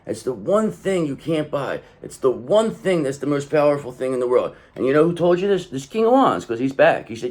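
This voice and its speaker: A man giving a casual tarot reading, talking in an emphatic, profane, streetwise way and swinging between loud bursts and low asides. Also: sing-song, brisk, few pauses. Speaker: tarot reader.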